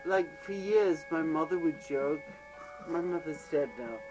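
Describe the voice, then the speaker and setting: A woman's voice: sits low, a little slow, poor audio. A woman guest on a radio show, chatting casually and telling stories with a laugh. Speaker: studio guest. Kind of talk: casual chat. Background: loud music playing.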